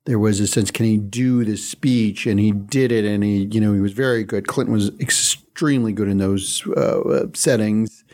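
A man, a veteran political reporter, recounting memories in a halting, anecdotal way with many fillers. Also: fairly low pitch, creaky, darkish tone. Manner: anecdotal, halting, lots of "you know". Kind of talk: interview storytelling.

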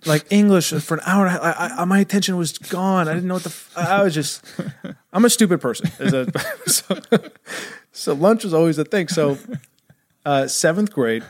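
Guy guest on a podcast, laughs a lot, acts out the voices, kinda high voice. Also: normal speed. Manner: animated, laughing often, swearing, acts out voices. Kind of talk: casual storytelling.

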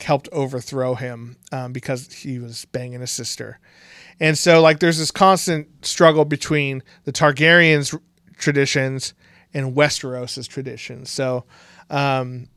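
A man's voice: fairly bright tone, clean tone, no echo, clean studio sound. A man co-hosting a podcast, casually recapping a TV series with lots of fillers and restarts. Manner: rambling, many fillers and restarts, breaks into mocking high voices for quotes. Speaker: podcast co-host.

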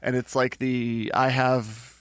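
A man in casual chat, telling rambling stories with dry, deadpan jokes. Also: medium pitch, takes it slowly, clear, resonant tone, no room sound.

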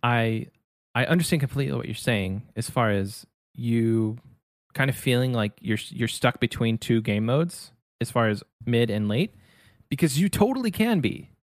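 A man's voice: medium pitch, lively intonation, normal speed, no room sound. Easygoing man on a dry close mic. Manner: easygoing, explanatory, teasing. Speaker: podcast co-host. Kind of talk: casual gaming podcast chat.

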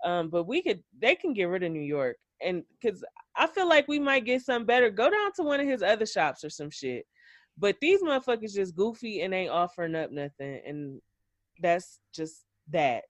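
A woman's voice: mid-range voice, sing-song, moderate pace, dry recording. A woman hosting a podcast, giving a blunt, profane, opinionated recap in casual chat. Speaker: podcast host.

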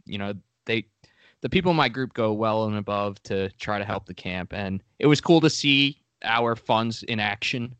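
A man's voice: lowish voice, moderate pace, fairly bright tone, clean tone, dry recording. A man co-hosting a podcast in a laid-back, casual way, full of "dude" and "like," close to a studio microphone. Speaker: podcast co-host.

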